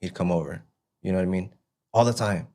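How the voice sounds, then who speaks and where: A man, the guest, telling his personal recovery testimony in a halting way, often checking "you know what I mean". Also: deep voice, warm tone. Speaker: interview guest.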